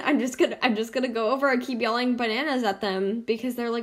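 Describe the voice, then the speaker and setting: A woman's voice: fairly high pitch, fairly even intonation, fast, few pauses. A young woman hosting casual game commentary, bubbly and giggly, swinging between squeals and mutters. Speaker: gaming channel host.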